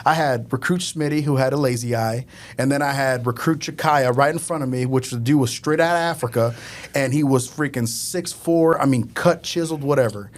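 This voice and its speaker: A man telling casual stories as a podcast guest, animated and often laughing as he talks. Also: mid-range voice, brisk. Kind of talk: casual storytelling.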